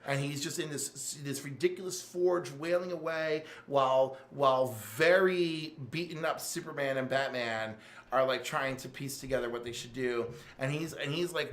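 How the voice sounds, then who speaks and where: A man hosting a casual podcast, excitedly recapping a comic storyline with lots of filler words. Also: medium pitch, normal speed. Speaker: podcast host reviewing comics. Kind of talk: casual chat. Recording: roomy echo.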